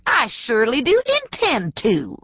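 A woman's voice: a little high, huge pitch swings, unhurried, breathy edge, dry recording, highs cut off, pitched above the performer's own voice, full character voice. A woman voicing an ornery old mountain storekeeper in his late seventies, with a snarling rural drawl. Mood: gloating. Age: older.

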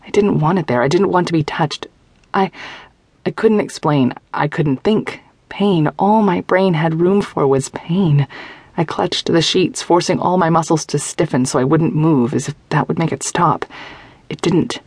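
A woman narrating a young-adult novel in first person, close to a studio microphone, with measured, tense, intimate storytelling. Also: low-pitched, darkish tone, husky, no echo. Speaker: audiobook narrator.

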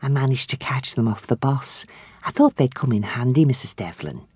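Woman doing a shy, hushed young woman. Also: a bass voice, expressive, moderate pace, husky, no echo, clean studio sound, full character voice. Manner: hushed and hesitant.

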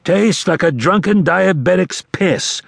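A man's voice: sits high, animated, measured pace, gravelly, slightly rough, no room sound, studio quality, voice pushed up, exaggerated voice. A man voicing Wednesday, a sly, grandiose old con-man god who teases and holds forth theatrically. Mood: grand. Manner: expansive, teasing, theatrical.

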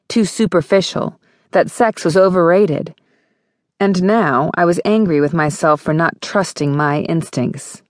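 A woman's voice: sits low, no room sound. A woman narrating a first-person romance audiobook with wry, intimate storytelling. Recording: dry studio booth.

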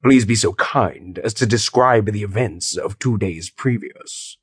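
A man's voice: fairly low pitch, measured pace, slightly rough, no echo, clean studio sound. A man voicing a stern, easily enraged male judge who barks and growls in an audiobook. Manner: barking, growling. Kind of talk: audiobook character voice.

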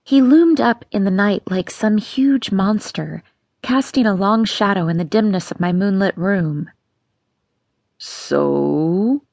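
A woman narrating an audiobook in a measured, tense storytelling manner. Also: medium pitch, darkish tone, no room sound. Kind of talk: scripted narration.

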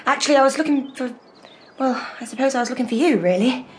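A woman playing a blunt, quick-witted young woman with a Northern English accent in an audio drama. Her voice sits a little high, and her manner stays down-to-earth. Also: slight background noise, lightly acted. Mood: flustered. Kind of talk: radio drama acting.

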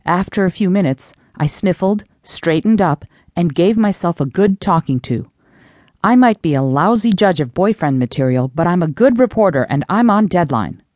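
A woman narrating a first-person audiobook in an expressive, animated reading. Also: fairly low pitch, normal speed, dry recording, studio quality.

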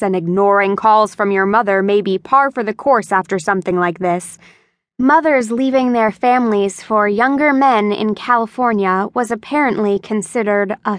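Audiobook dad, sharp and scolding, read by a woman, slow and dry. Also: medium pitch, dry recording, natural voice. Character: stern, exasperated middle-aged father. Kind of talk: audiobook character voice.

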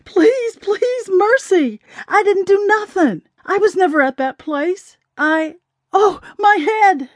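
A woman's voice: very high-pitched, animated, takes it slowly, dry recording, voice pushed up, full character voice. A woman voicing a terrified young man who cries and begs for mercy in a storybook reading. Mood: begging. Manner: crying, begging. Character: terrified young man being beaten, begging.

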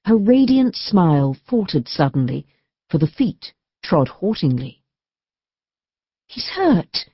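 A woman narrating an audiobook in a steady, even storytelling manner. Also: low-pitched, a little slow, slightly rough, dry recording. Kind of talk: scripted narration. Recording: dull dry studio recording.

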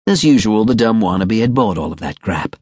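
A man's voice: on the low side, lively intonation, a little fast, breathy edge, dry recording, studio quality. A man narrating a crime audiobook with a wry, sardonic delivery. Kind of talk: scripted noir narration.

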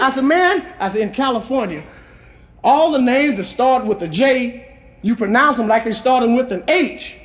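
A man's voice: very high voice, lively intonation, moderate pace, a bit bright, a faint crowd, a little hiss or hum. A man doing a raunchy stand-up routine, telling crude jokes and a rhyming jungle toast on an old live recording. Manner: bawdy storytelling with crude punchlines. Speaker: stand-up comedian. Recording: old live club recording, audience laughter audible. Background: audience laughter.

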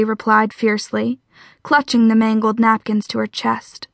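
A woman narrating a romance audiobook in a steady, even storytelling voice. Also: on the high side, normal speed, vocal fry, no echo. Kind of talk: scripted narration.

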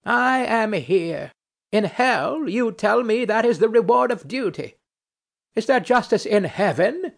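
A man's voice: high-pitched, sing-song, a little slow, gravelly, breathy edge, heavily acted. A man reading a play aloud, voicing a proud, indignant noblewoman who speaks primly and insists on her due. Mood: bitter, accusing. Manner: prim, affronted, insistent questioning. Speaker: audiobook narrator.

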